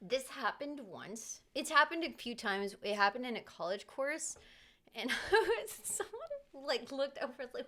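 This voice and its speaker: A woman streamer telling a story in casual chat, in an animated, chatty way. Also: sits high, measured pace.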